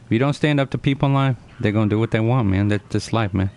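A fast-talking man in his forties with a fairly low, darkish voice addresses his live-stream audience. The chat is casual yet earnest; he lectures, goes over the same points again, and answers viewers by name.

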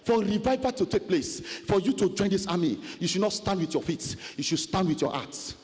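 A man preaching a fiery sermon testimony, chanting and shouting repeated refrains. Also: high-pitched, expressive, fairly quick. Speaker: pastor. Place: large conference hall. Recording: long hall reverb.

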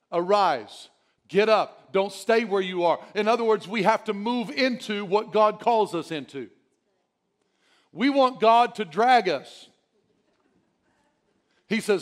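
A man's voice: sits high, slow, long pauses. A male pastor preaching a sermon, urging the congregation with emphatic repetition and the odd chuckle.

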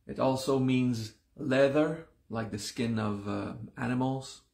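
A man leads a class at an unhurried pace, saying each term slowly and then repeating it. His voice is gravelly and a little groggy, as if he just woke up. The room around him has a clear echo. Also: medium pitch, a little mellow. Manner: slow and deliberate, repeating terms several times. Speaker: yoga teacher. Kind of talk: live-streamed class teaching.

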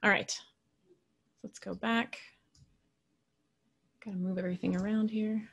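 A woman leadership coach giving a casual, animated lecture. She acts out quoted voices and keeps adding "right?". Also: medium pitch, unhurried, gravelly, breathy edge, muffled recording. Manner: often adds "right?".

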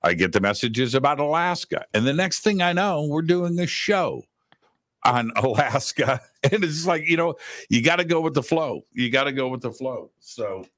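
A man's voice: medium pitch, lively intonation, normal speed, a bit bright, no echo, clean studio sound. A man co-hosting a live talk show, chatting casually and rambling with lots of fillers. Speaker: radio host, co-host.

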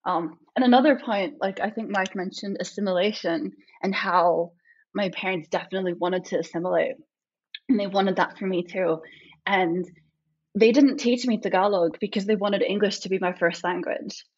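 A woman's voice: medium pitch, moderate pace, slightly rough, muffled recording. A woman with an Australian accent tinged with an American twang, talking in a chatty, reflective way as a podcast guest, full of "like" fillers. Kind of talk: casual conversation.

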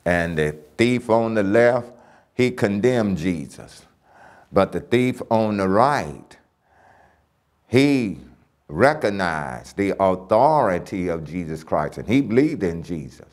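A man's voice: sits low, big pitch swings, takes it slowly, darkish tone. A man teaching a church Bible lesson, emphatic and repeating key phrases as he reads scripture aloud.

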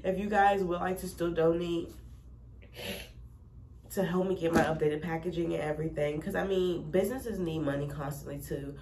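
A woman's voice: lowish voice, moderate pace, a little mellow. A woman vlogging as she unboxes a label printer, emotional and close to tears, rambling with restarts and gushing thanks. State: teary, close to crying. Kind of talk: casual chat to camera. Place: cluttered home recording room. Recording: echoey room, distant mic, noisy.

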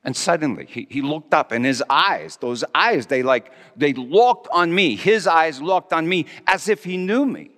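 A male pastor preaching a dramatic first-person monologue, speaking in character as a Roman governor with a theatrical, halting delivery. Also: fairly high pitch, expressive, fairly bright tone. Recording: long reverb of a large hall.

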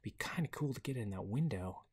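A man hosting a casual gameplay video on a headset mic, excitable and chatty, laughing often. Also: medium pitch, brisk, slightly rough. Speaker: gaming video host.

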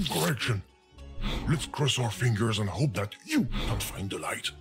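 A man voicing a fussy, easily exasperated talking video game that scolds the player with indignant, panicky outbursts. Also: mid-range voice. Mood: sardonic. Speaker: game narrator character. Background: music.

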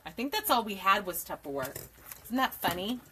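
Woman, 40s, home craft streamer; bright tone, rambling and giggly, talks to viewers by name. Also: mid-range voice, sing-song, brisk, slight background noise. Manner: chatty and rambling, laughs often, greets viewers by name. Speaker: craft tutorial host. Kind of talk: live-streamed craft tutorial chat. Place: home craft desk indoors. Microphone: camera mic at a desk.

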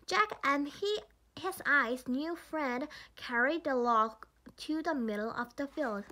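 A woman with a Korean accent reads a children's storybook aloud in a high, bright voice. She goes slowly and carefully, often correcting small slips as she reads. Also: animated. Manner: careful reading with frequent small slips and restarts.

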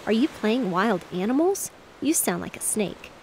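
A woman's voice: medium pitch, very animated, moderate pace, darkish tone, a little hiss or hum, rough recording. Sue, a woman reading as a polite little girl. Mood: curious. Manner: polite, questioning. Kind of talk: bedtime story reading.

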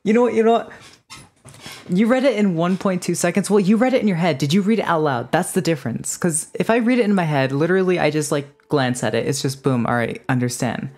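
A woman with a deep, low voice streams a game live. She banters playfully with her chat and bursts into excited exclamations. Her talk is loose, quick and casual. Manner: excitable outbursts. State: just woke up. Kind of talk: casual live gaming commentary.

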